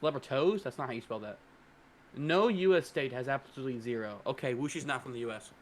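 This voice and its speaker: A man's voice: mid-range voice, fast. A man co-hosting a podcast, telling casual anecdotes in a rambling way, full of "like" and quoted voices. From North Carolina. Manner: rambling storyteller, lots of "like", does excited voices for people he quotes. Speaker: podcast co-host. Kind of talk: casual chat.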